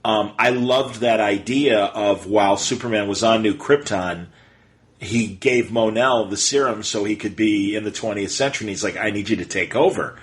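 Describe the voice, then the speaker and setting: A man's voice: fairly low pitch, steady tone, moderate pace. A man hosting a casual podcast interview, playful and teasing, with casual swearing. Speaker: podcast host.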